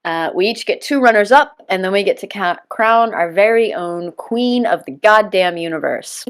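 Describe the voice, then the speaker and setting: A woman's voice: medium pitch, lively intonation, normal speed, clean tone. A woman hosting a casual gaming podcast, joking, swearing freely and laughing often. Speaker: podcast host.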